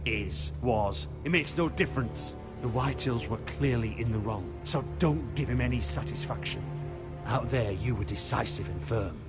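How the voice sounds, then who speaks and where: A man's voice: medium pitch, moderate pace, loud music behind the voice, natural voice. A man playing a blunt, combative soldier. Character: gruff hawkish military man, adult.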